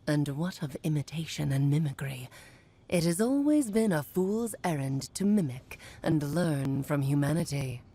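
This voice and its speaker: A woman's voice: low-pitched, expressive, moderate pace, dark tone, breathy edge, heavily acted. A woman voicing a grand, playful female mage in a video game, with a theatrical, teasing storyteller's manner.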